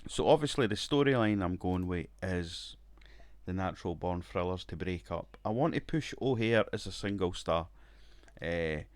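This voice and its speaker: A man's voice: low voice, lively intonation, normal speed, dry recording. A man casually commenting on his wrestling management game, rambling, swearing and laughing now and then. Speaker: gaming video creator.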